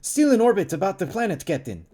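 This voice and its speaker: A man voicing a brisk young male starship ensign with a Russian accent, in an amateur read-along. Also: high voice, very animated, warm tone, breathy edge, pitched above the performer's own voice, heavily acted. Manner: brisk, eager to please.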